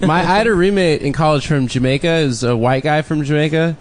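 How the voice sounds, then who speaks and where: A man's voice: fairly high pitch, a little fast. A man co-hosting a comedy podcast, telling stories in laid-back casual banter. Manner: laid-back storytelling, frequent laughs and fillers. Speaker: podcast co-host.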